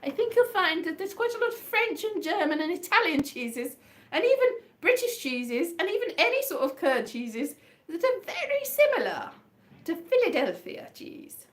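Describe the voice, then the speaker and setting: A woman's voice: very high voice, sing-song, moderate pace. A woman hosting her own online fringe show, rambling chattily and self-mockingly, half singing her talk over a guitar. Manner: chatty, meandering, sing-song, self-mocking.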